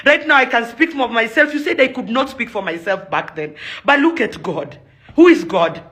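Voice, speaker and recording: A woman's voice: fairly high pitch, lively intonation, moderate pace, a bit bright. A young Kenyan woman delivering an angry, impassioned rant to camera, accusing and pleading by turns, slipping Swahili phrases into her English. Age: young adult. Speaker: events promoter and celebrity.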